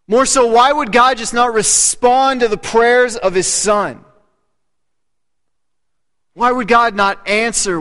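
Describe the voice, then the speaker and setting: A man in his thirties preaches with a high, light voice and earnest intensity. He often sinks to a near-hush to drive a point home. His words ring out with a long reverb, as in a large church hall. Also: steady tone, takes it slowly, pauses often. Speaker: pastor. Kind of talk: sermon.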